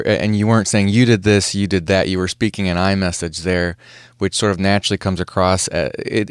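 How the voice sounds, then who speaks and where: A man's voice: fairly low pitch, clean tone, no room sound, studio quality. A man hosting an interview, asking thoughtful questions and searching for words. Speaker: podcast host, interviewer.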